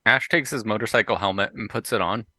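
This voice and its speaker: Bright-voiced man thinking aloud at the table. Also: on the low side, fast, no echo. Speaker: player. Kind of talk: tabletop role-play.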